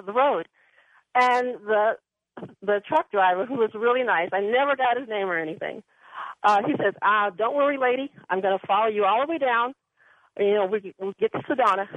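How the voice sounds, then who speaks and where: A woman's voice: on the high side, no room sound. Female caller, chatty storyteller, thin phone-line sound, dry. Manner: chatty, rambling, laughs often. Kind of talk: telling a personal story on a call-in show. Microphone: telephone.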